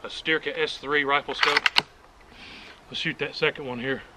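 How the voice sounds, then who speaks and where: A man's voice: on the high side, steady tone, moderate pace, heavy background noise. A man hosting a casual outdoor shooting demonstration, talking in a folksy, joking and enthusiastic way, recorded on an action camera outdoors at a rural range. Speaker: firearms video host.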